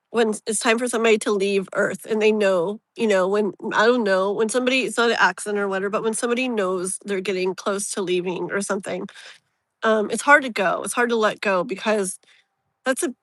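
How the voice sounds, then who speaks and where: A woman's voice: medium pitch, fairly bright tone, dry recording. A woman hosting a casual live tarot reading, rambling and emotionally open, with lots of fillers. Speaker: tarot reader, live stream host.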